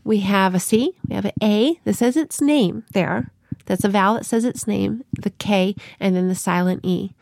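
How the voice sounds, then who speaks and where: A woman's voice: medium pitch, no room sound. A woman co-hosting a podcast, talking casually and explaining her teaching methods with playful little stories. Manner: chatty, explaining with playful examples. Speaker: podcast co-host.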